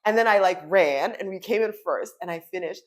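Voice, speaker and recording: A woman in her thirties, a podcast co-host, chatting casually with lively, swearing, laughing storytelling. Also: medium pitch, fairly quick. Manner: animated, swearing, laughs often, acts out quotes. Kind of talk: casual chat.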